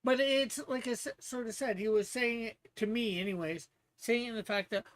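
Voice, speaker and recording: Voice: medium pitch, normal speed, few pauses. A streamer hosting a guessing game, chatting casually to viewers and rambling with restarts and laughs. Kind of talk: casual livestream chat.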